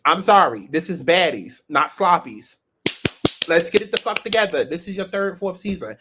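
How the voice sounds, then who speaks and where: Sassy, blunt man with a raised pitch. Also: lively intonation, moderate pace, sharp tone, a little hiss or hum. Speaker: host of a reality-show review channel. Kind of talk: casual commentary.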